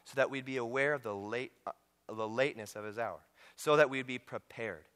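A man's voice: mid-range voice, fairly quick, fairly bright tone, clear, resonant tone. A man preaching a sermon through a Bible study guide, emphatic, repeating words and calling out to his congregation. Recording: long reverb of a large hall.

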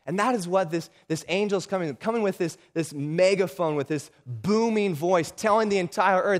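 A middle-aged pastor preaching in a folksy way, often asking his listeners for an amen. His voice sits fairly high for a man. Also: moderate pace, few pauses. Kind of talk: sermon.

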